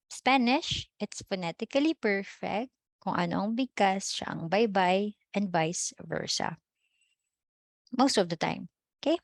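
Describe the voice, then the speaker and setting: A woman's voice: mid-range voice, no echo. Filipino woman teacher, dry close sound. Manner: switches between English and Filipino, checks in with "okay?" and "no?". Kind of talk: online class lecture.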